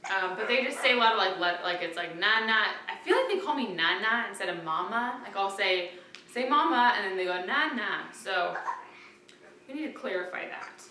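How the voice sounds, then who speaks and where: A young woman chats to the camera about her twins in a bright, clear voice, fond and rambling, with "like" sprinkled through her talk. She sits some distance from the camera in a room at home, so the sound is roomy, with a faint hiss underneath. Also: medium pitch, lively intonation, brisk. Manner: chatty and fond, many "like" fillers. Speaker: vlogger and mother of twins. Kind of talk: casual chat to camera. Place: room in a family home with babies nearby.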